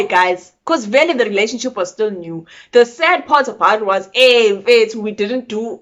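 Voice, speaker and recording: Young woman, South African accent, high-ish voice, blunt animated storyteller, lo-fi audio. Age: young adult. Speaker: vlogger. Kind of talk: casual storytime.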